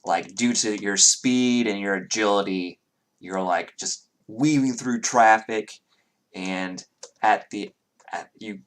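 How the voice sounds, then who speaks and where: A man narrating a tabletop game as dungeon master, halting with many ums and restarts. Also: lowish voice.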